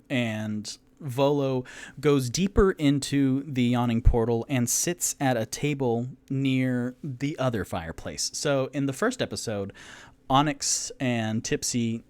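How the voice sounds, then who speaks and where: A man working as dungeon master, narrating a solo tabletop game in a relaxed, meandering way full of fillers. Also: on the low side.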